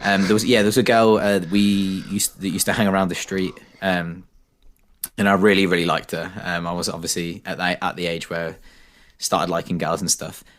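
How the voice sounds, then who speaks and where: A man's voice: low voice, flat delivery, normal speed, a bit bright. A young British man co-hosting a podcast, telling stories in a chatty, self-deprecating way. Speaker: podcast co-host. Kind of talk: casual chat.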